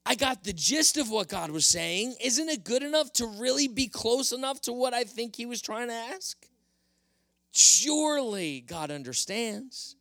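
A man's voice: high voice, a bit bright, no echo, clean studio sound, voice pushed up, full character voice. A man voicing a whiny, self-justifying king in a sermon retelling, pleading and defensive. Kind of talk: sermon storytelling.

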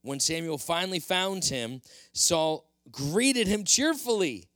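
A man's voice: a little high, big pitch swings, takes it slowly, a bit bright, dry recording. A male pastor preaching a sermon, earnest and explanatory, addressing the congregation directly.

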